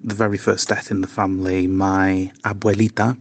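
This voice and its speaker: A man's voice: deep voice, little pitch movement, normal speed, slight background noise. A man leaving an earnest, reflective voice message for a podcast. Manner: earnest and reflective, with small restarts. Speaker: caller leaving a voice note. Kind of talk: heartfelt voice message.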